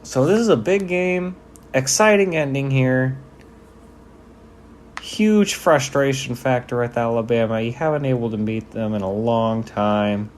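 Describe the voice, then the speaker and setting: A man's voice: mid-range voice, measured pace, slight background noise. A man giving casual, joking commentary over game footage, laid-back and swearing freely. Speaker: sports video commentator.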